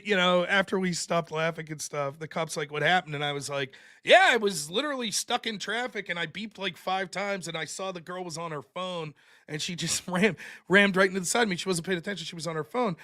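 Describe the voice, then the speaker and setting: Podcast host, male, high-pitched and bright, chatty animated storyteller. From United States. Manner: animated storyteller, acts out quoted people with loud bursts, laughs often. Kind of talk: casual storytelling monologue.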